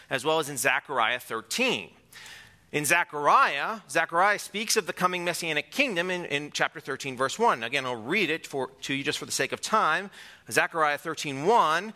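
Male pastor, earnest sermon delivery, slightly high and bright. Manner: earnest, emphatic, reads scripture aloud. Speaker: preacher.

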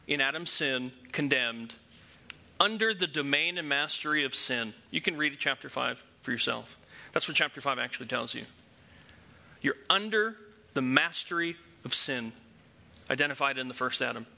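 Guy preaching in a church, talks through it like a class, asks the room questions, bright voice. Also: a little high. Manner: teaching, conversational with rhetorical questions. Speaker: pastor. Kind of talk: sermon.

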